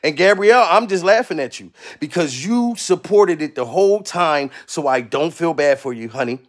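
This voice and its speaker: A man hosting a live stream, ranting profanely in a loose, rambling way, laughing often and shouting out viewers in the chat, his voice going hoarse. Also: a little high, lively intonation, moderate pace. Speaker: livestream comedian host.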